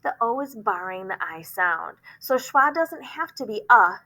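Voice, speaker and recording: Bright-voiced woman teacher explaining phonics. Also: on the high side, lively intonation, low-quality recording. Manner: explanatory, frequent "um" fillers, slow demonstrations of words.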